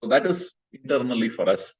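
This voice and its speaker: A man's voice: mid-range voice, animated, fairly quick. A man, teaching a scripture class over a video call and explaining in a patient, hesitant way with many fillers. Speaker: spiritual class speaker. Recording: muffled video call audio.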